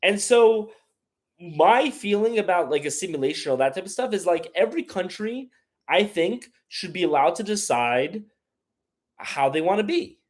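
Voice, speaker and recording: Animated, opinionated male livestreamer. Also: sits high, normal speed. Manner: rambling, opinionated, reads chat aloud. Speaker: livestream host. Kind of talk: casual live chat.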